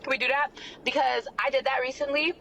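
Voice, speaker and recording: A woman talking casually in an animated, playful way. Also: sits high, fast, vocal fry, background noise.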